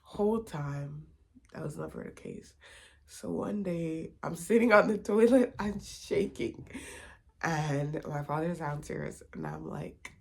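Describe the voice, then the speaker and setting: A woman's voice: sits low, wildly swooping pitch, slow pace, creaky, a little mellow, breathy edge. A young woman telling her own story in a candid, confiding vlog testimony. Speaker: vlogger.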